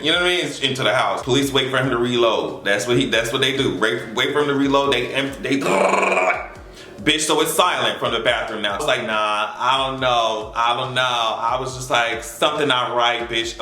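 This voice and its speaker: Male vlogger, casual recap, cussing and animated; bright tone, roomy echo. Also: mid-range voice. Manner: animated, profane storytelling with acted reactions. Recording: echoey room with faint music.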